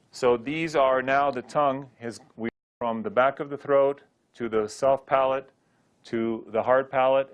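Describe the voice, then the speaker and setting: A man teaching a Sanskrit pronunciation class, drilling syllables aloud for students to repeat. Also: mid-range voice. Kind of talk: classroom lecture.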